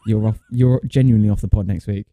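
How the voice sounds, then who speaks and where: A man's voice: fairly low pitch, steady tone, quick pace, mellow, no echo. A young man, co-hosting a podcast, rambling through a story, swearing and laughing. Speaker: podcast co-host. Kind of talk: casual chat.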